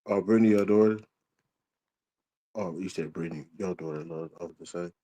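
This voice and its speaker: A man with a very low, deep voice hosts a casual livestream. He talks in a relaxed, slangy way, greeting viewers by name and reading their comments aloud. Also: fairly quick, rough recording. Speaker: livestream host.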